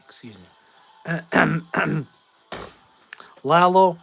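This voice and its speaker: A man's voice: fairly high pitch, moderate pace, long pauses, faint music behind. A tired man in his forties from Massachusetts, hosting a casual livestream and talking bluntly and in rambling fashion as he answers chat. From Massachusetts, USA. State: tired, short on sleep.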